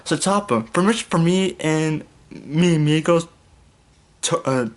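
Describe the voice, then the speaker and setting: A man's voice: on the high side, measured pace, voice pushed up, lightly acted. A courteous, friendly male blue train who slips Spanish words into his polite requests, as a man voices him. The voice sits above a plain speaking voice.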